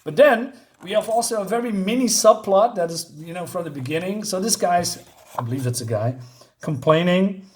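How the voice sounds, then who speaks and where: A man reviewing a comic book in casual talk, often laughing and halting with fillers as he reads the dialogue aloud. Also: high-pitched, lively intonation, slight background noise.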